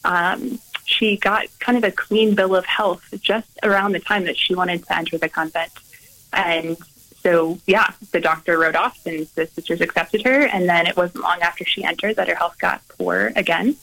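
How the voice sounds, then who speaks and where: Woman, Carmelite nun, interview guest, gentle and earnest, hesitant pauses, lowish pitch. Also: steady tone, rough recording. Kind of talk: reflective storytelling in conversation.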